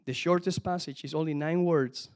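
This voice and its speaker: A man preaching a sermon, telling the story with lively asides that swing from hushed to loud and emphatic. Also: on the high side, moderate pace. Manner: lively, talks to the congregation directly with frequent asides.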